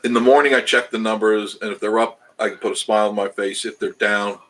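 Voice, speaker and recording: An older man with a fairly low voice chats on his livestream, reading viewer comments aloud. He rambles, starts over, and laughs at himself as he talks. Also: fairly even intonation, quick pace, a bit bright, rough recording. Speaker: travel channel host reading live chat. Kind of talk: casual livestream chat.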